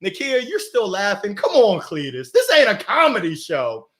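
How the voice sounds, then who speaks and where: This man's high, somewhat bright voice swoops wildly in pitch as he moves at a moderate pace through viewer comments. Hosting a motivational live stream, he greets people by name with exuberant enthusiasm and lots of laughter.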